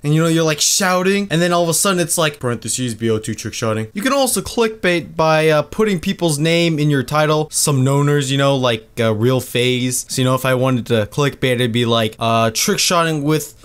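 A man's voice: on the high side, steady tone, moderate pace, few pauses, smooth. A young man giving a mock tutorial in a casual, profane way and mocking a hype voice in the quoted bits. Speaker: YouTuber.

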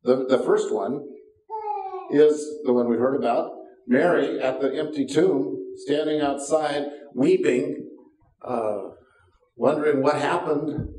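A man's voice: medium pitch, slow pace, mellow. An older man preaching a sermon as pastor, folksy and self-deprecating, with wry asides. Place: church sanctuary. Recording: roomy sound from a distance.

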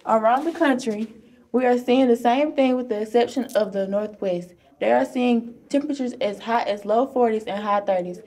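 A teenage girl, a student weather anchor, reading a scripted forecast at a steady pace. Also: fairly high pitch, normal speed. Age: teens.

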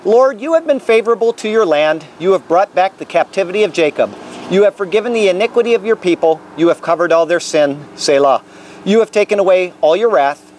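A man with a high voice preaches in the open air as a traveling minister. He reads prayers and scripture earnestly and solemnly. Faint background noise is heard outdoors. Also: expressive, fairly quick, a little mellow. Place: outdoors on capitol grounds.

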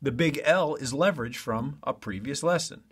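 A male teacher records an online lesson at a table and talks straight to his students in a chatty, loose way. His voice sits at a middle pitch for a man. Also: normal speed, husky.

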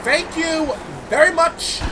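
High excitable swearing gamer guy. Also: takes it slowly, background noise. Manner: excitable, swearing, shouting outbursts, stammering repeats. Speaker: gameplay video host. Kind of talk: let's play commentary. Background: game music and sounds.

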